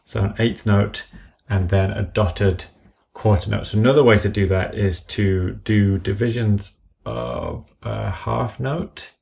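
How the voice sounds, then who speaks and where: A man's voice: fairly low pitch, fairly even intonation, creaky, darkish tone. A man walking through entering drum notation in a music app, methodically calling out notes and stickings and correcting himself as he goes. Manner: slow, methodical, muttering self-corrections while entering notes. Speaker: app tutorial presenter. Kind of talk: screen-recorded software walkthrough. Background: computer keyboard and mouse clicks.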